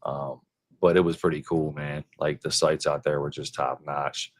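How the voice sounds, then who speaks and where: Deep-voiced man in slangy banter. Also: level tone, normal speed. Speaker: podcast host. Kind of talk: casual chat.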